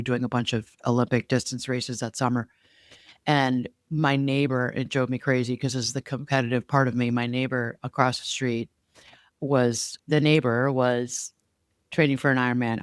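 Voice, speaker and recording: A woman co-hosting a podcast, telling stories in a lively, chatty way. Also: a bass voice, no echo, clean studio sound. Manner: animated storyteller, lively and chatty. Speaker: podcast co-host. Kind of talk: casual podcast conversation.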